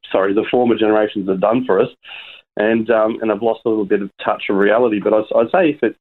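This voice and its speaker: An earnest man calling in to a radio show, talking in halting restarts over a tinny phone line. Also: fairly low pitch. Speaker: caller. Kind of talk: phone-in chat.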